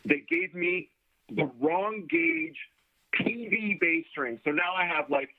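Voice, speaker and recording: A man with a fairly high voice recounts a story as a guest and playfully acts out the people in it. His voice comes through a narrow, tinny remote line, like a phone call. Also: big pitch swings, slow pace. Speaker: guest musician. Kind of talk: casual storytelling interview.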